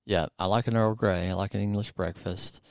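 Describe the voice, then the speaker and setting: Podcast host guy, really low and smooth, laid-back upbeat chat. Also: fairly quick, dry recording, clean studio sound. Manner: relaxed, upbeat, with fillers and restarts.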